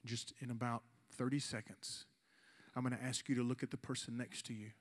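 With a mid-range voice and a level tone, this man in his forties, a youth pastor, preaches earnestly and extends an altar call. He slows down to emphasize points and pleads with those present.

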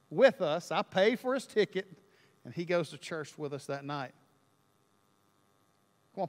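A man preaching a sermon, telling a story in an animated way and building to loud, emphatic peaks. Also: sits high, long reverb tail. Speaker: pastor.

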